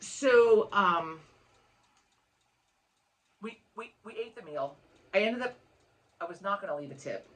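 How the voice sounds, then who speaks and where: A woman's voice: medium pitch, lively intonation, slow, long pauses, a bit bright. Foul-mouthed woman telling a rant. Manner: frank, swears often, rambling storytelling with many restarts. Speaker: podcast co-host. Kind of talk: casual chat.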